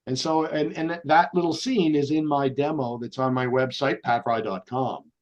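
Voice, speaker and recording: A man, a guest actor who tells animated anecdotes in an interview. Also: medium pitch, moderate pace. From Canada. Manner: animated raconteur, slips into voices when he quotes people.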